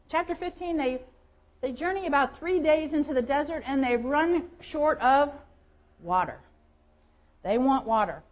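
A woman's voice: fairly high pitch, low-quality recording. A woman pastor with a Southern American accent preaching a sermon, telling Bible stories vividly and acting out quoted voices. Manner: storytelling, lively, acts out quoted voices.

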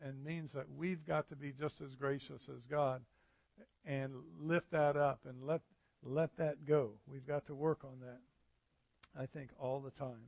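Pastor guy giving a sermon, kinda high gravelly voice, dry sound, chatty and earnest. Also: no echo. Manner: conversational, earnest preaching with fillers.

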